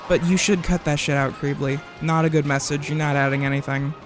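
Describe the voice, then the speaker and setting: A man's voice: fairly high pitch, fairly even intonation, a little fast, over music. A man live-streaming a game in casual chat, reading viewers' messages aloud and arguing back with plenty of swearing and rambling restarts.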